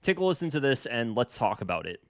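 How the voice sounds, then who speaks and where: A male commentator reacts to a clip with a heated, opinionated delivery. He often repeats phrases and restarts his sentences as he makes his point, and his voice sits in a middle pitch. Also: big pitch swings, quick pace, a bit bright. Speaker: political commentator.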